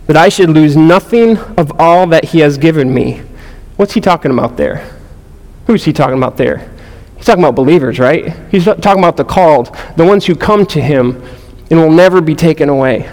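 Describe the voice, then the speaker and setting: A man's voice: a little high, darkish tone. A man teaching a verse-by-verse sermon to a group, earnest, often repeating words and asking the room questions. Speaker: pastor or Bible study teacher. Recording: long reverb in a large room.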